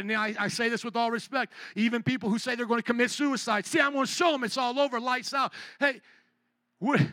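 A man's voice: sits high, bright, forceful tone, dry recording. A man preaching a sermon as pastor, emphatic and calling out to the congregation.

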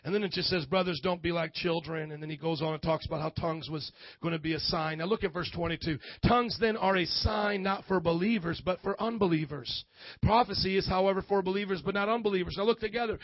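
High-voiced playful man preaching a sermon. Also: quick pace, no room sound, lo-fi sound. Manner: lively, playful preaching with frequent amens. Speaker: pastor.

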